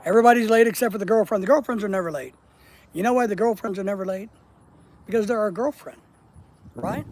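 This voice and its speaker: Male stream host with a raspy, higher-pitched voice. Casual and joking, crude and teasing as he reads chat aloud outdoors at night. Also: quick pace, long pauses, darkish tone, soft background music, low-quality recording. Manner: joking, teasing, blunt and profane. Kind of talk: casual live-stream chat, reading viewer comments.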